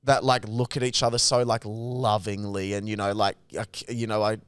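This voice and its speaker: A man's voice: lowish voice, moderate pace, clean tone, no room sound. A young man telling a story in casual podcast chat, swearing often and acting out the people in it. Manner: animated storyteller, swears a lot, acts out scenes. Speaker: podcast co-host.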